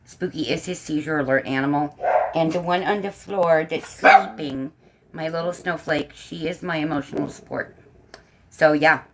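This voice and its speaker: Heavy background noise surrounds a low-pitched woman's voice moving at a moderate pace. She's hosting an easygoing home livestream, talking to both her audience and her barking dogs.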